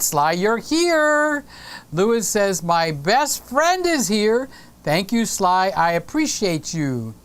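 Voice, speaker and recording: A woman's voice: on the low side, clean tone. A woman hosting a live stream in a casual, playful way, reading viewer comments aloud, teasing, and now and then breaking into a sung snippet.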